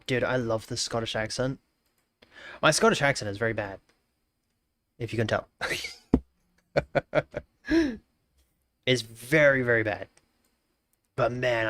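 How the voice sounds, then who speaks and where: Slow-talking Australian man streamer. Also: medium pitch, a bit bright, dry recording. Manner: greets chatters while thinking aloud, repeats phrases. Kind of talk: casual live-stream chat.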